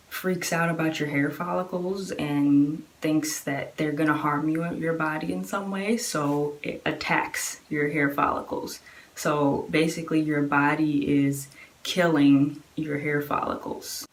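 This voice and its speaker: A woman's voice: sits low, fairly even intonation, unhurried. A woman in her twenties casually telling a personal story, chatty and full of fillers, acting out what others said. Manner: chatty, many fillers, acts out quoted voices.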